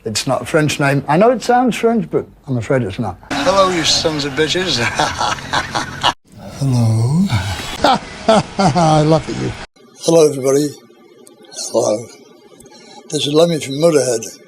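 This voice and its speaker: A man, a rock musician, trading dry gravelly jokes in archive interview clips. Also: a little high, lively intonation, unhurried, a little hiss or hum, rough recording. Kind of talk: joking archive interview bits.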